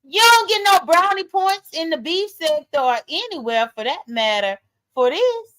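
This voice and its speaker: A woman's voice: very high voice, lively intonation, normal speed, a bit bright. A woman hosting a casual livestream, talking straight to her viewers with blunt, profane emphasis. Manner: talks straight to viewers as "y'all". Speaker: livestream host. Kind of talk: casual live-stream commentary.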